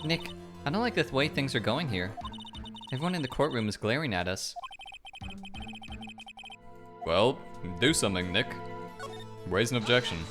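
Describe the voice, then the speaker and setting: A man voicing a perky young woman sidekick, with a pleading, high-pitched, teasing delivery. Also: animated, brisk, natural voice. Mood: urgent. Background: game music.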